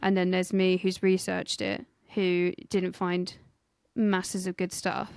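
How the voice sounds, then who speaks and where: A woman's voice: lowish voice, monotone, takes it slowly, darkish tone, clean tone, no room sound, clean studio sound. A woman co-hosting a history podcast in a casual, jokey way, swearing freely as she tells the story. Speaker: podcast co-host and researcher.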